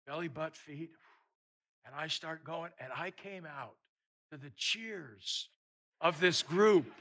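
A man preaching a sermon, telling a personal story in a lively way and often repeating words. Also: on the high side.

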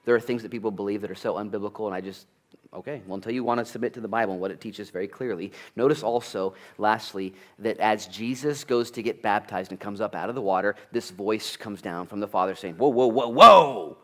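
A man preaching a sermon at a church, conversational and animated, full of asides and rhetorical questions. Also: lowish voice, fast talker. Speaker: pastor.

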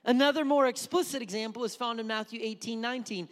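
High-pitched guy preaching, hammers key words, big echoey church hall. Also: fast talker, few pauses. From Wisconsin. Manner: emphatic, repeats key words for effect. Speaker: pastor. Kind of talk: sermon. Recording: long hall reverb.

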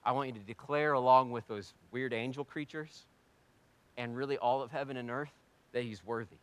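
Male pastor, mid-pitched, animated sermon delivery with loud peaks and quiet asides. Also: normal speed, clear, resonant tone. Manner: animated, swings between loud and hushed; conversational, self-deprecating humor.

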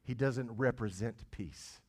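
A man's voice: mid-range voice, takes it slowly, husky. A middle-aged man, a pastor, preaching a sermon in a conversational way, with stammered restarts and phrases repeated for stress.

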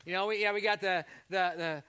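A man's voice: high voice, steady tone, quick pace, sharp tone, smooth. A man from Canada, a pastor delivering a sermon in a chatty, joking way that teases the congregation. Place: church service before a congregation.

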